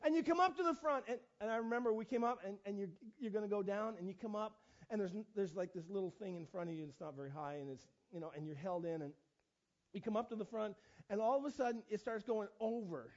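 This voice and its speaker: High-voiced animated middle-aged preacher. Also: male voice, fast talker. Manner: animated, self-mocking, lots of restarts and fillers. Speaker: pastor. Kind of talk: storytelling sermon. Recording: dull lo-fi recording.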